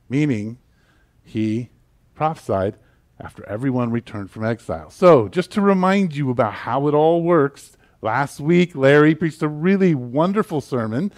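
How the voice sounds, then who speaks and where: A man with a Southern US accent, preaching a sermon in a casual, animated way with prayer. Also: on the high side. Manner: conversational, animated, with fillers and asides. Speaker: pastor.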